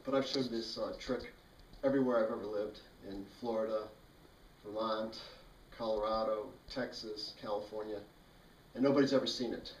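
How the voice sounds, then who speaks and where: A man's voice: lowish voice, fairly even intonation, moderate pace, a little hiss or hum. A man telling a childhood story in a casual, dry and wry way. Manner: dry, wry, matter-of-fact. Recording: roomy, mic at a distance.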